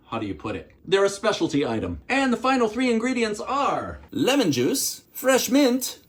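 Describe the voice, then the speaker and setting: Man, Pittsburgh accent, middle-aged, lively swooping pitch, playful home bartending host. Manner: playful, theatrical, swoops up on counts and exclamations. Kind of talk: cocktail tutorial vlog.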